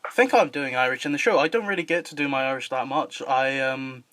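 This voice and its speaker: A man's voice: mid-range voice, fast, very noisy. A young adult man hosting a podcast in casual chat, joking, laughing often and swearing freely. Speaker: podcast host.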